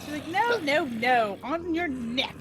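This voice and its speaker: High, lively woman streamer telling a giggly story; noisy mic. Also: a little slow. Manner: animated, giggly, acts out quotes in voices. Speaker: streamer joining a Minecraft session. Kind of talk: casual storytelling chat.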